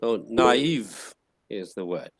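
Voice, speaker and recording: Guy teaching a class, slow and drawn out, says each word over and over, dry sound. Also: fairly low pitch, expressive, no room sound. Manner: slow and repetitive, sounding words out syllable by syllable. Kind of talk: classroom lesson.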